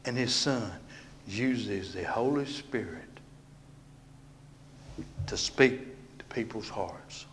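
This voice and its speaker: A man preaching a sermon in a church, moving between loud proclaiming and hushed, almost whispered passages. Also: on the low side, takes it slowly, pauses often.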